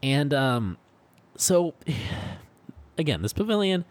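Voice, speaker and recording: A man's voice: fairly high pitch, sing-song, slow. A man co-hosting a casual chat, enthusiastic and joking, rambling with fillers. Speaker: podcast co-host.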